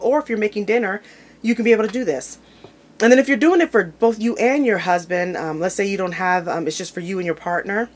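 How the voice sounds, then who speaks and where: A woman hosting a home cooking video, talking casually and informally while she opens jars and plates food in her kitchen. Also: medium pitch. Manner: chatty and informal, talks while handling food.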